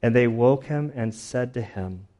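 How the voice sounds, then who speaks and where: A young adult man preaching a sermon in an easygoing, chatty way. He keeps a middle-pitched voice and fills his talk with fillers. He acts out bits of the story in small quoted asides. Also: measured pace, dark tone, muffled recording. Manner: casual, conversational preaching with many fillers and acted-out quotes. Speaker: pastor.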